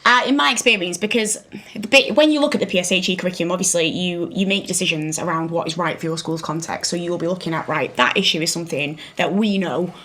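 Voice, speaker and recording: Woman, school vice principal type, low and rapid, thorough explainer. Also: fairly bright tone. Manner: explains at length, with frequent restarts and fillers. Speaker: vice principal and podcast guest. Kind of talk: casual podcast conversation.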